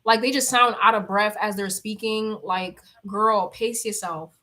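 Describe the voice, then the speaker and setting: A woman's voice: medium pitch, steady tone, a little slow, bright, forceful tone. A young woman chatting casually on a livestream, reading comments aloud, blunt and laughing often. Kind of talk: casual chat.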